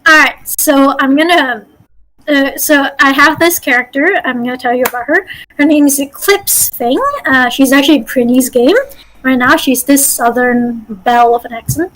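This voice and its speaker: A woman's voice: high-pitched, moderate pace, fairly bright tone, low-quality recording. A woman game master hosting a casual workshop, chatty and encouraging, laughing often as she gives feedback. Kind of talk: casual teaching.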